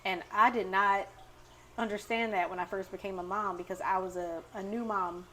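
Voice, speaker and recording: A woman co-hosts a podcast in casual chat, speaking at normal speed in a mid-range voice. She's an animated storyteller who acts out the quotes in her stories.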